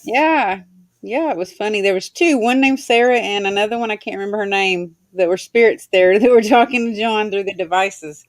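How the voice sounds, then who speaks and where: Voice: medium pitch, fairly quick. A livestream host on a video call, chatting casually, laughing often and reading out viewer comments.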